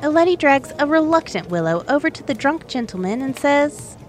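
Chatty woman narrator, lively pitch, faint music bed. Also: a little fast. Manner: playful, conversational. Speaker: storyteller. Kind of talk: narrating an adventure story.

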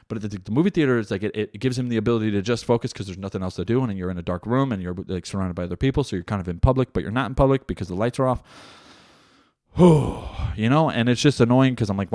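A man's voice: on the low side, very fast, no echo, clean studio sound. A young man hosting his own podcast, chatting casually and rambling, with lots of swearing and filler words. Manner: profane, rambling, animated with many fillers. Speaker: podcast host; stand-up comedian. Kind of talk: casual solo podcast chat. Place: home room.

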